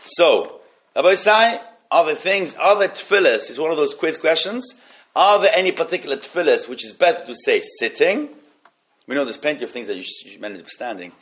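Man teaching law, higher voice. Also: big pitch swings, fairly quick, fairly bright tone, breathy edge. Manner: reads Hebrew texts in a chant, explains in English with hesitant restarts. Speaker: Torah class teacher. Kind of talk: evening Jewish law class.

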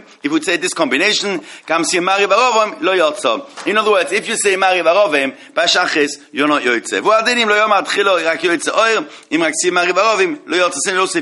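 A man giving a halacha class, reading Hebrew passages quickly and then explaining them in English, often repeating himself. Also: a little high, sharp tone. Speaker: Torah teacher.

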